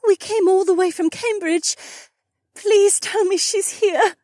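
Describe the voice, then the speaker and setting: A man reading an audiobook, voicing a frightened young woman desperate to find her mother, high and pleading. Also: unhurried, mellow, no room sound, studio quality. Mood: anxious. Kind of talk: audiobook narration.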